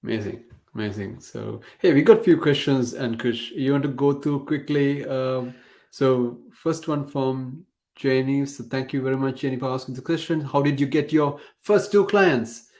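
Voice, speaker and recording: A man's voice: mid-range voice, normal speed, darkish tone. A man hosting a webinar, hesitant and full of fillers, reading out audience questions. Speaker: webinar host. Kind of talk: webinar moderation.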